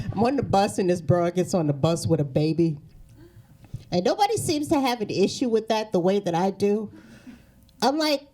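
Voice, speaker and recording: Warm and medium-pitched, this woman speaks at normal speed in a sing-song way, with long pauses. A comedian from New England, she gives a live East Coast stand-up set that's brash and profane, punctuated by sarcastic punchlines and laughter caught on the stage mic.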